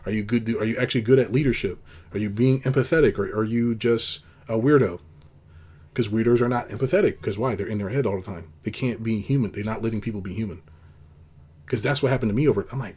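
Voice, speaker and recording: A man hosting a casual monologue, rambling and blunt, acting out quoted lines in a high put-on voice. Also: fast talker, a little mellow, slightly rough. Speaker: host.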